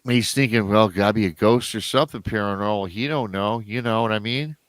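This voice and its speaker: A man telling a story as a podcast guest in a casual way, animated, jumping up in pitch whenever he acts out what others said. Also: brisk, no room sound. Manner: animated, acts out quoted voices with big pitch jumps.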